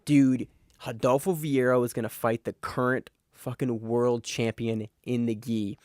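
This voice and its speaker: A man co-hosting a podcast, chatting casually and excitably about grappling events, swearing now and then. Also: medium pitch, measured pace, dry recording, clean studio sound. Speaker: podcast co-host. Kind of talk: casual sports chat.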